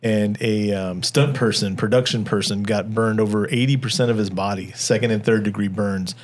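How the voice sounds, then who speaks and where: A man's voice: on the low side, steady tone, moderate pace, a little hiss or hum. A man co-hosting a movie review podcast in casual chat, rambling with stumbling restarts and frequent laughs. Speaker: podcast co-host.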